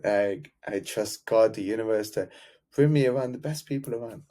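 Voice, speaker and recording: A man's voice: fairly low pitch, normal speed, dark tone. A man speaking as a love coach, giving an earnest, heartfelt motivational talk to camera and repeating key words.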